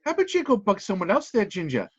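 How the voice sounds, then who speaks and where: A man's voice: sits high, wildly swooping pitch, fast talker, breathy edge, no echo, dull audio, pitched above the performer's own voice, heavily acted. Brusque Irish corporate VIP with a lifted voice, put on by a man, curt and dismissive.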